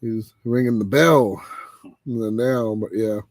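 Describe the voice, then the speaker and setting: A man hosts a relaxed late-night chat show, his voice jumping way up whenever he gets fired up. The sound is dry and close, with no room around it. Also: takes it slowly, no echo. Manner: animated, exclaims with big pitch jumps when excited. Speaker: podcast host.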